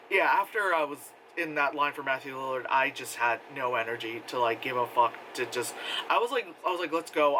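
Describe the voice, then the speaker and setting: An animated man, a little high-pitched, whose voice swoops up and down as he rambles through a convention recap. His tone is bright and edgy, and he swears easily and laughs his way through the stories. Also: a little hiss or hum, low-quality recording. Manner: animated, acts out quotes in a high voice, laughs often; swears casually, rambling with many fillers. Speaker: convention vlogger. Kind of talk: casual storytelling recap.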